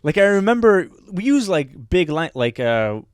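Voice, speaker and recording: A young adult man, a comedian co-hosting a podcast, telling stories in an animated casual way and swearing freely. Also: sits high, moderate pace, smooth, dry recording, studio quality. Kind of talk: casual chat.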